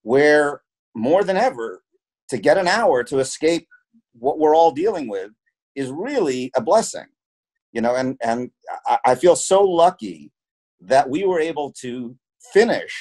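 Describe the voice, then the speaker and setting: A man's voice: mid-range voice, big pitch swings, unhurried, a little mellow. A man talks as an interview guest about his work in film and television. He tells anecdotes in an earnest way, often repeating a word as he restarts a sentence. His voice sits in the middle range for a man. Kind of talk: conversational interview, telling anecdotes.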